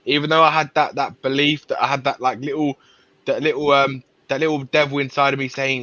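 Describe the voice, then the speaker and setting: A man with a bright, forceful voice rambles through his take as a guest on a fan stream, often tripping over and repeating words. The sound is dry, with no room around it. The audio is dull and lo-fi. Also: medium pitch, level tone, brisk, dry recording. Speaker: guest panelist. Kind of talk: casual live-stream chat.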